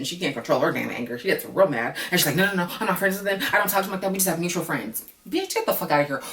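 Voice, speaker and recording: A woman giving a blunt, profane, sassy casual recap of a reality show from her apartment. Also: deep voice. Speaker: reality TV reviewer. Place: apartment at night, noisy renovations upstairs. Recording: echoey room, mic at a distance.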